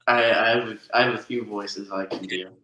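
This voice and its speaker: Brief: rambling guy from New Jersey, bright tone, echoey room. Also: fairly low pitch, fairly even intonation, moderate pace. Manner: rambling, full of restarts and fillers. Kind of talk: casual chat.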